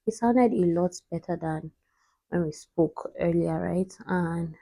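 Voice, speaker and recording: A young woman vlogger telling a personal story in a halting voice, holding back tears. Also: lowish voice, vocal fry, dark tone, no echo.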